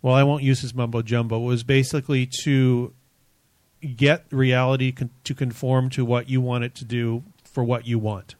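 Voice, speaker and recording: A man's voice: medium pitch, flat delivery, moderate pace, darkish tone, no echo. Chatty, joking man, dry sound. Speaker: podcast co-host. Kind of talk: casual panel discussion.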